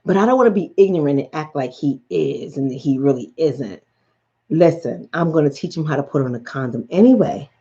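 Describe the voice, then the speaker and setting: Deep-voiced and a little fast, this middle-aged New Yorker from the Bronx coaches on relationships during a late-night livestream. She spins animated stories, blunt and profane, over dull, lo-fi audio.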